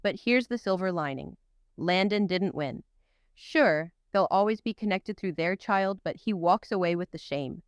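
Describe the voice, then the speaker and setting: A woman's voice: fairly low pitch, expressive, normal speed, clean tone, dry recording. A woman hosting a commentary video, reading a scripted narration with emphatic, punchy delivery and rhetorical questions.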